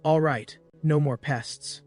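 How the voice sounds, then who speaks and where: A man's voice: fairly high pitch, slow pace, a little mellow, soft background music. A man voicing a cruel, arrogant male villain who taunts coldly and nonchalantly. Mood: cold taunting.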